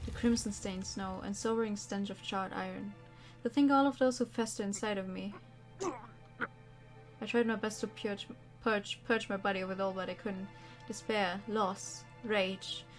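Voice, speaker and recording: A woman streamer reads a game's story aloud with theatrical emphasis. Her voice sits at an ordinary middle pitch, and she breaks off now and then for casual remarks. Faint music plays behind her. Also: fairly even intonation, moderate pace. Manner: dramatic read-aloud with chatty asides. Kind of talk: reading game text aloud on stream. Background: faint background music.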